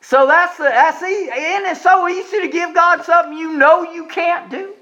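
A high-voiced folksy preacher in his 60s. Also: sharp tone, highs cut off. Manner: folksy, joking preaching with emphatic slowed repetitions. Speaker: pastor. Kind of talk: sermon.

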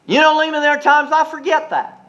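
High-voiced man preaching emphatically. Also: fairly even intonation, fairly quick, lo-fi sound. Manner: emphatic, repetitive preaching with quiet asides. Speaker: pastor. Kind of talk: sermon.

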